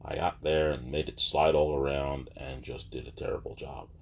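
Deep-voiced man ranting in exasperation. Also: steady tone, moderate pace, gravelly, a little hiss or hum. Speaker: vlogger. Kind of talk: casual storytelling.

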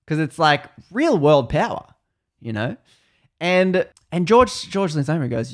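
A man's voice: on the high side, a little slow. Laughing Australian man telling a story. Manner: laughs often, animated retelling with quoted voices. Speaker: podcast host. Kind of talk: casual storytelling chat.

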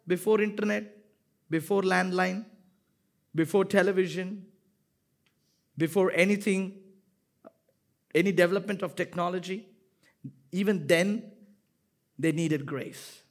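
A man preaching a sermon, building repeated lines to loud emphatic peaks and dropping to quiet asides, with some playful banter with the congregation. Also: high-pitched. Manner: repetitive rhetorical cadence. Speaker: pastor.

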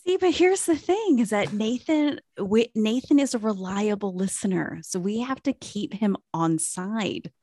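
A woman's voice: medium pitch, expressive, a little slow, few pauses, mellow. A woman in her thirties co-hosting a podcast, talking in a rambling casual way with lots of fillers. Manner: rambling, many fillers and restarts. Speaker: podcast co-host. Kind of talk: casual chat.

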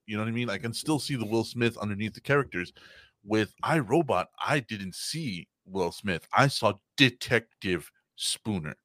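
Guy on a podcast, lowish voice that swings all over, swears a lot, dry close sound. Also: moderate pace, no room sound. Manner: animated, swears freely, acts out movie scenes. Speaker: podcast co-host. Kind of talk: casual chat.

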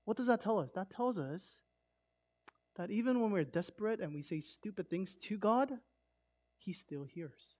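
A man giving a sermon in a conversational, emphatic way, swinging between loud stresses and hushed asides. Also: high voice, lively intonation, moderate pace. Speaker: pastor.

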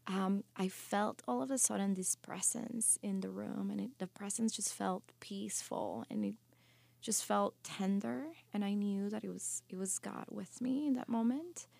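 A woman's voice: mid-range voice, animated, moderate pace, gravelly, darkish tone, no room sound. A woman guest on a podcast, telling a personal testimony earnestly and emotionally, often restarting her sentences. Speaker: podcast guest, life coach.

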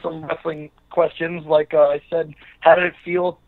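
A man's voice: on the high side, little pitch movement, moderate pace. Man telling a story over a tinny phone line. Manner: acts out quoted people in an anecdote. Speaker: wrestler guest. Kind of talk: casual storytelling interview.

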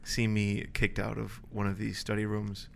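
A man's voice: lowish voice, completely flat delivery, moderate pace, gravelly, a little hiss or hum. A young man co-hosting a casual podcast from a library study room, rambling with lots of fillers. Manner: rambling, filler-heavy, self-conscious. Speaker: podcast co-host. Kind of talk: casual chat.

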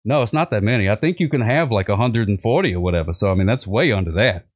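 A man's voice: on the low side, lively intonation, quick pace, no room sound, clean studio sound. A man chatting in a rambling comedic style, full of fillers. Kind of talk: comedic casual chat.

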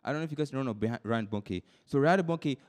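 Very fast, a young man preaches to a youth group. His voice dips into soft confiding moments and then shoots up in high, excited bursts, with frequent repetition and restarted sentences.

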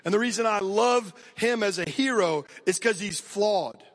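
A man's voice: high voice, normal speed, a bit bright, in a large hall. An American man preaching a sermon, talking conversationally and energetically, turning often to address the congregation directly. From United States. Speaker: pastor.

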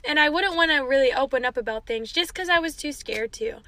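A young woman with a high, bright voice chatting among friends. She talks openly and often breaks into giggles. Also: a little fast, no echo. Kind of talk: casual group chat.

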